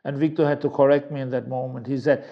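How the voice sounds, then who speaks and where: A man's voice: medium pitch, level tone, fast, dull audio. A man preaching and telling a story dramatically, stacking repeated phrases for emphasis.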